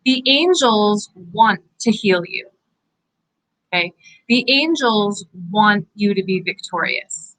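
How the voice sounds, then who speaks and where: A Canadian woman, a psychic medium, giving an earnest, encouraging inspirational talk to viewers, animated and full of fillers. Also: medium pitch, slow pace, rough recording. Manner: animated, gestures with her hands. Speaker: psychic medium hosting live angel readings.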